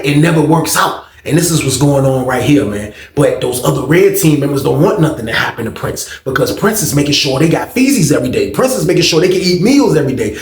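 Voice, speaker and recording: A man telling a story in a casual, animated, slangy way, in an echoey room. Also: on the high side.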